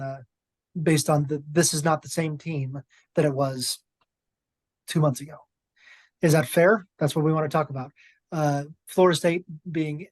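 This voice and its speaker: A man's voice: a little high, no room sound. Male host moderating sports chat, dry close sound. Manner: moderating, introducing topics. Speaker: podcast host. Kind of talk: casual sports discussion.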